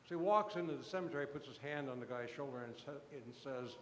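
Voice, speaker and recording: A man's voice: medium pitch, fast, few pauses, a bit bright, a little hiss or hum. Man telling a stage joke in a hall. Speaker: joke teller. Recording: echoey hall.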